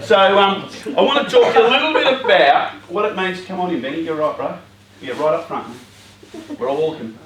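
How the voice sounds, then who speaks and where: Male youth speaker, casual and jokey, lots of fillers; voice on the higher side, recorded far off in an echoey hall. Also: animated, normal speed, crowd noise. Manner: chatty and joking, rambling with many fillers and asides. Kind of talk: informal talk to a youth group. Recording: roomy hall, voice far from mic.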